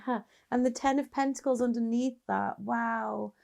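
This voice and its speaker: A woman's voice: on the high side, fairly even intonation, moderate pace, creaky, a little mellow. A woman giving a casual, chatty tarot reading straight to her viewers, encouraging and sometimes laughing. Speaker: tarot reader.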